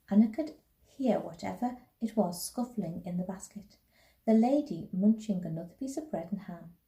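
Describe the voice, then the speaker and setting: A teacher reads a children's novel aloud, gentle and unhurried. Her voice is mellow and soft-edged, at a middle pitch. The room lends it a noticeable echo. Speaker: primary school teacher. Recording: roomy echo.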